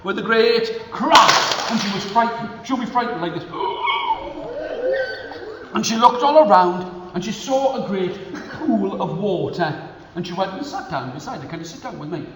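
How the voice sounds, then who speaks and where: Animated male storyteller in an echoey hall. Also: sits high, moderate pace. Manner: animated, coaxing the audience to join in with actions. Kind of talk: interactive storytelling for children. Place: school hall. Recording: echoey hall, faint room noise.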